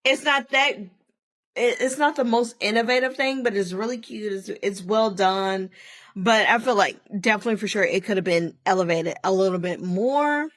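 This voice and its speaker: A woman's voice: medium pitch, moderate pace, a bit bright. A woman hosting a podcast, giving a chatty, opinionated solo review with lots of asides and restarts. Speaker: podcast host reviewing a TV show. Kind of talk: casual solo review chat.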